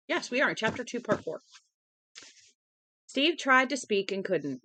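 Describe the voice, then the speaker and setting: A woman's voice: sits high, animated, a little slow, pauses often, pushed and bright, rough recording. A young woman reading a novel aloud to a live-stream audience, tired and yawning, chatty, with casual asides between passages. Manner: chatty, breaks off reading to talk to chat.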